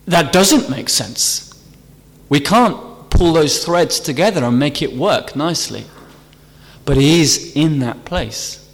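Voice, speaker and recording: A man's voice: a little high, animated, a little slow. A man preaching a sermon earnestly, stressing key phrases as he explains a psalm. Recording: long hall reverb.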